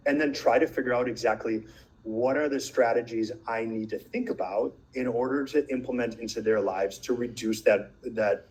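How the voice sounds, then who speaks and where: A man in his thirties leads a webinar for parents in a relaxed, conversational way. He tells animated stories, acts out quotes and often restarts his sentences mid-thought. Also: mid-range voice, moderate pace, low-quality recording. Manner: animated storytelling with acted quotes and many restarts. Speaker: webinar presenter and coach.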